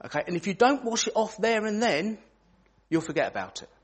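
Man giving a church children's talk, slightly husky, bouncy and animated delivery, fairly high for a man. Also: a little fast. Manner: animated, asks children questions.

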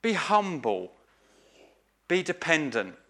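A man's voice: a little high, sing-song, slow pace, pushed and bright. A man preaching an earnest sermon, stressing key phrases by repeating them. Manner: earnest, emphatic, with repeated phrases and small restarts.

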